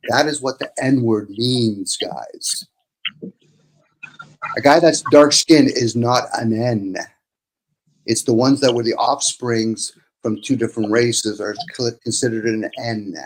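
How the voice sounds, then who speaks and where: Casting note: man in casual talk, blunt and profane, mid-pitched voice, faint hiss behind. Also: fairly even intonation, slow, poor audio. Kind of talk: casual opinionated chat.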